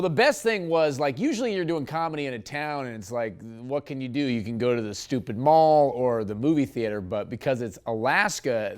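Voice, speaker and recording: A male comedian telling a story in an interview, chatty and self-mocking. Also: mid-range voice. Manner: quick, chatty, self-mocking, many likes.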